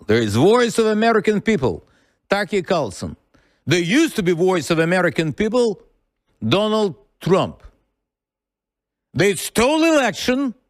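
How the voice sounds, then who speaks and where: A male host with a high voice that swings widely up and down. He talks in an animated, mocking way, leaning into sarcasm. The sound is close and dry, with no room around it. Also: no room sound. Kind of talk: interview.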